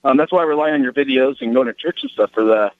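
A young man, a college student, calling in politely and a bit haltingly. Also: medium pitch, no room sound. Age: young adult. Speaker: caller. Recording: tinny phone line.

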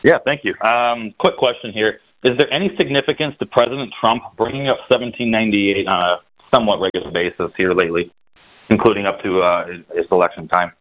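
A man calling into a radio program with a quick, direct question. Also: on the low side. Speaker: caller. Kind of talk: phone call to a radio show. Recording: dull lo-fi phone line.

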